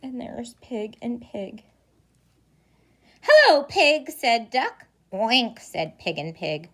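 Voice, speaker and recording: A preschool teacher reading a picture book aloud to young children, pausing for gasps and questions along the way. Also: female voice, a little high. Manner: animated storytelling with gasps and questions.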